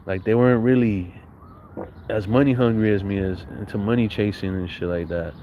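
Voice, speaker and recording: Man, lowish voice, casual storytelling, slangy, profane, rambling. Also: fairly even intonation, moderate pace, narrow, tinny audio, slight background noise. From San Bernardino, Southern California.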